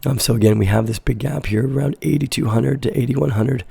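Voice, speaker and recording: A man hosting a casual live crypto market analysis, hoarse and stuffy-nosed, explaining in a loose, rambling way with frequent self-corrections. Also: mid-range voice, a little fast, warm tone, no echo. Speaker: crypto trading show host.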